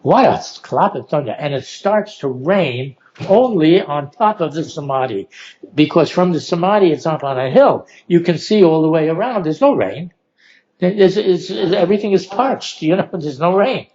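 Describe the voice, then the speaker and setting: An older man telling personal stories in an unhurried way, laughing often as he goes. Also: fairly high pitch, expressive, darkish tone, dull audio. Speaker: oral history storyteller. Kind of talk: relaxed personal storytelling.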